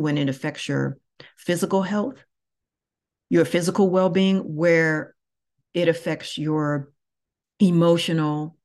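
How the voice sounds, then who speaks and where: A woman who teaches yoga, talking through her thoughts slowly and reflectively, with many pauses. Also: low voice, gravelly, a little mellow. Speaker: yoga teacher and podcast host. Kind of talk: reflective solo podcast talk.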